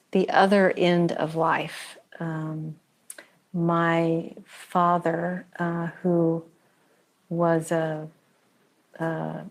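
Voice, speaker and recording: A woman speaks slowly and thoughtfully, pausing and restarting as she searches for words. Her voice sits low. She is a religious scholar, a guest in a reflective conversation.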